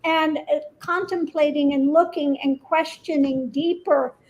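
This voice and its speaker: A woman guest on a spiritual livestream, telling her story quickly and earnestly. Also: sits high, fairly even intonation, a little mellow, low-quality recording. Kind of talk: casual conversation.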